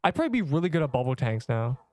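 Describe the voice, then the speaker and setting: A young man streaming a game, chatting loosely and reading viewer messages aloud between rambling thoughts. His voice sits at an ordinary male pitch and comes through smooth and clear. The sound is close and dry, with no room around it. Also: very animated, very fast, darkish tone, dry recording. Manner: rambling, filler-heavy, reads chat aloud. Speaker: livestreamer. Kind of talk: casual livestream chat while gaming.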